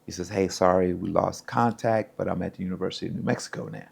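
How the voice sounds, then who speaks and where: This low-pitched, fast-talking man has a creaky voice with a breathy edge. He's a middle-aged American former pro football player casually telling stories from his life, animatedly acting out the voices of those involved.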